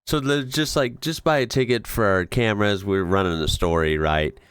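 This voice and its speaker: A man hosting a casual reaction video, excitable and slangy, laughing often as he comments on clips. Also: lowish voice, moderate pace, clear, resonant tone, no room sound.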